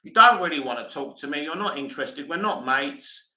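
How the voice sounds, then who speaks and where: A man's voice: a little high, expressive, fairly quick, pushed and bright, roomy sound, low-quality recording. A British man hosting a live stream, reading comments aloud and answering them bluntly in casual chat.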